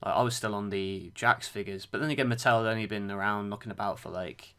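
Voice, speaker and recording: A man's voice: on the low side, quick pace, a bit bright, smooth. Chatty, eager male podcast host. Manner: chatty, eager, thinks aloud. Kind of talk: casual chat.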